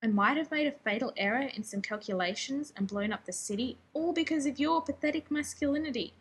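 A woman reading the part of a fussy, indignant male scientist who splutters and exclaims, in a husky voice. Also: high voice, a little fast. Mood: scornful. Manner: spluttering, exasperated, theatrical.

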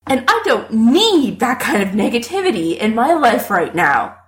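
Brief: woman reading as a drunk, petulant young man, lively swooping pitch, slow drawl. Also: full character voice. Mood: drunk defiant. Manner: slurred cursing, dramatic outbursts.

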